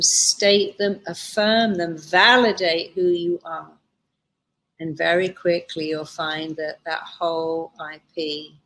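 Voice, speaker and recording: A woman therapist guiding listeners through a session of spoken affirmations, with slow, emphatic repetition. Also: on the low side, fairly bright tone. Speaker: therapist leading a guided exercise.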